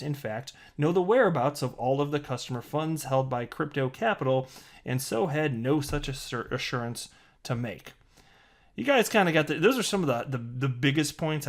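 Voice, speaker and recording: A man hosting a crypto channel, reading a legal document aloud and breaking off for sarcastic, incredulous asides, with frequent restarts and chuckles. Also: medium pitch. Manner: chuckles often while talking.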